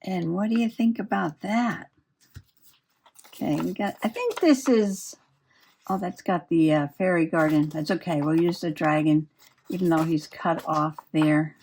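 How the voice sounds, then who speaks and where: A woman's voice: on the low side, a little slow, a little mellow, slight background noise. A woman chatting and giggling as she works on a craft project. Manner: chatty, giggly, talks while working. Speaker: crafting vlogger. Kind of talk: casual crafting chat.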